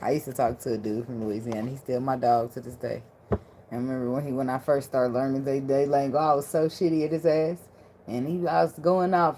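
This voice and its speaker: Low-voiced, blunt woman reading tarot. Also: steady tone, brisk, mellow, a little hiss or hum. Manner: blunt and profane, laughs a lot; loose, conversational slang. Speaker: tarot reader.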